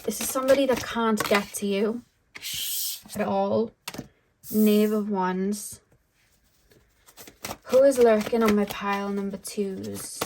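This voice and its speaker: A woman's voice: medium pitch, fairly even intonation, slow pace, long pauses, noisy background. Chatty young woman reading tarot. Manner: chatty, many "like" fillers. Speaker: tarot reader.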